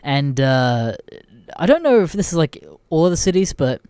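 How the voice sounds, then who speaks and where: A man's voice: a little high, very animated, normal speed, a little mellow, clear, resonant tone, dry recording, clean studio sound. A young Australian man hosting a podcast, telling a story casually with lots of swearing and laughter. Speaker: podcast host.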